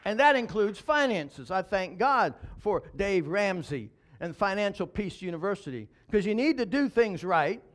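Male pastor, high voice, emphatic sermon delivery with rhetorical questions. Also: big pitch swings, normal speed, few pauses, fairly bright tone.

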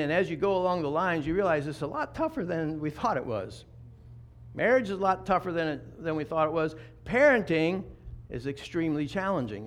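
A man in his fifties preaching a sermon in a conversational way, often restarting and repeating words. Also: mid-range voice. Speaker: pastor.

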